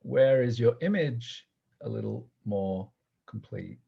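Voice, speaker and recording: A man teaching a guided movement class, giving gentle, playful instructions and often laughing. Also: medium pitch, expressive, slow, vocal fry, husky, lo-fi sound.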